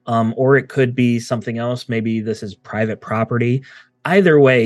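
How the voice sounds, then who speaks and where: A man narrates a tabletop fantasy game as its game master, taking his time with easy pauses. His voice sits in an ordinary middle register and sounds close and dry, with little room around it. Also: medium pitch, no echo. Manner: relaxed, thoughtful narration with frequent "uh" pauses.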